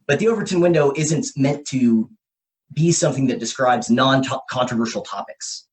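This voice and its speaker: A man's voice: mid-range voice, moderate pace. Man, podcast host, casual explainer, stream-of-consciousness talk, checks in often. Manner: thinks aloud in a stream of consciousness, checking in with "okay?" and "right?". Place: room with a whiteboard.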